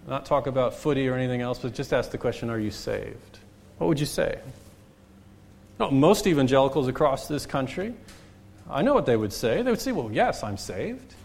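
A man preaching a sermon as pastor, stressing points by repeating phrases and swinging between loud and soft. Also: fairly high pitch. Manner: preaching with wide swings in loudness and pace.

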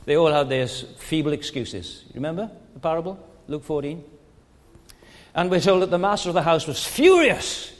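A man's voice: on the high side, lively intonation, moderate pace, big-room sound. A man preaching a sermon in an earnest way, asking rhetorical questions and often stammering and restarting his phrases.

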